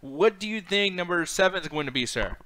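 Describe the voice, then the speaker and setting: A man hosting a casual chat about video games, excitable and rambling, swearing freely as he argues his picks. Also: high-pitched, fairly quick, crowd noise.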